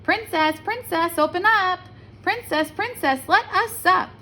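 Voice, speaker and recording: A woman voicing an eager little male frog in a read-aloud storybook, with a high, squeaky, pleading voice. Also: a little slow, bright, forceful tone, full character voice.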